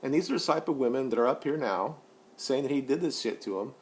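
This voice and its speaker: A man in his forties vlogging an opinion monologue, blunt and profane, rambling with many restarts, and rising loud and high when he gets worked up. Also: lively intonation, fast talker. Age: 40s.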